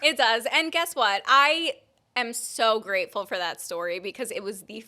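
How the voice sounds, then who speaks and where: Bright, bubbly young woman. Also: fairly high pitch, moderate pace, slight background noise. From Long Island, New York. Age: young adult. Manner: bubbly, laughing storyteller. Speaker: podcast co-host. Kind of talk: casual chat.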